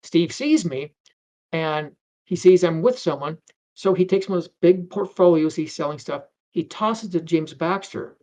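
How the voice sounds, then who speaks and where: A man's voice: a little high, lively intonation, a little slow, a little mellow. A middle-aged man, a guest on an interview, telling anecdotes in a rambling way with many restarts and acted-out voices. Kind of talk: anecdotal storytelling. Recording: dull lo-fi sound.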